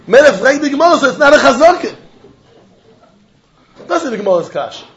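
A man teaching a Talmud class, arguing through the text in an animated way and throwing pointed questions at his students. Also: extremely high pitch, a little fast, muffled recording. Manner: animated, argumentative, mixing Yiddish and Hebrew terms into English.

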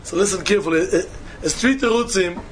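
A man's voice: high-pitched, quick pace, background noise. A man giving a Talmud study lecture, asking questions and repeating key points to press them. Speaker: Talmud teacher.

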